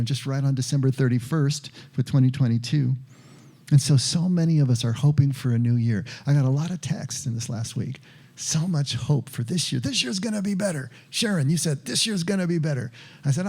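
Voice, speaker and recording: Male pastor giving a sermon: low gravelly timbre, slow measured phrasing, repeats key words for weight. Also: warm tone.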